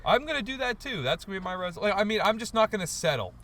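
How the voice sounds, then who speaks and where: A man's voice: high voice, big pitch swings, fast, crowd noise. A young man co-hosting a podcast, laid-back and profane, laughing as he chats. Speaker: podcast co-host. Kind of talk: casual chat.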